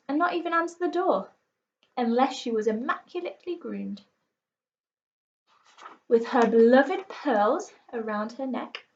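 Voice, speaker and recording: Woman teacher, storybook read-aloud, a bit high, slightly muffled, expressive. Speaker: primary school teacher. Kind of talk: reading a children's book aloud. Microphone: recorded for an online class video.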